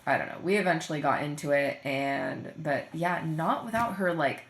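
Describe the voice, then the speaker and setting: A woman's voice: low-pitched, normal speed. A young woman hosting her own podcast and chatting casually about her voice students, with lots of "like" and "um". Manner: chatty, fills speech with "like" and "um". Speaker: podcast host and voice teacher. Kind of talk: casual solo podcast chat. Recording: echoey room.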